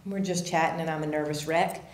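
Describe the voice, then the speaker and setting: A woman telling a personal story at a live story slam, animated and swinging from hushed tones to loud outbursts. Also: low voice, fairly quick, roomy sound, very noisy. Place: theater stage.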